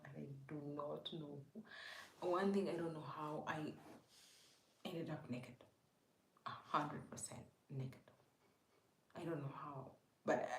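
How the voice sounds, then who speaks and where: A woman's voice: deep voice, a little mellow. A woman telling a story casually to her live chat, rambling and often half-whispering, with many filler words. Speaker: livestream host. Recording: echoey room with faint background noise.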